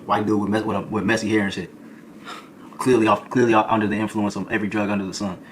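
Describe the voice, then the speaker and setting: A young adult man, a streamer, telling a comedic storytime in an animated, slangy way, peppering his lines with "boy" and "folk". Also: on the low side, fast talker, slight background noise.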